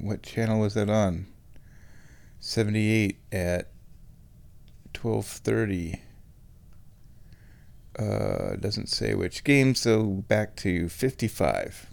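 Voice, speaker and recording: A man hosting a show on his own, thinking aloud in an excitable, self-mocking ramble. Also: fairly low pitch, creaky. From United States. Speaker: podcast host. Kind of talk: rambling solo chat.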